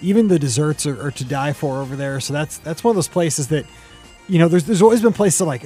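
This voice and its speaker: Male podcast host, slightly high voice, chatty and jokey, faint music underneath. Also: fairly quick, mellow. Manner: upbeat, joking, rambling asides. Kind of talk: casual podcast chat.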